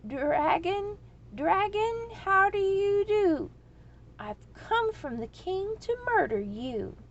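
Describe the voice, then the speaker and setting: A woman voicing a trembling young man who stammers and shouts bravely. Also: a little high, sing-song, a little slow, creaky, dull audio, exaggerated voice. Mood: nervous shout.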